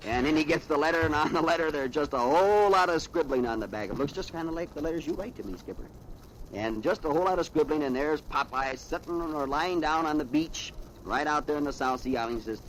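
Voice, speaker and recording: A man's voice: fairly high pitch, animated, brisk, rough recording. A middle-aged man, a mayor, reading comic strips aloud to children over the radio in a chatty, chuckling way with rambling asides. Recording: hissy 1930s radio archive recording.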